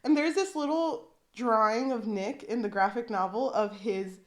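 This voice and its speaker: A woman's voice: fairly high pitch, normal speed. A young woman co-hosting a podcast, chatting casually and animatedly, swearing freely and acting out characters' lines. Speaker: podcast co-host. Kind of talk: casual chat.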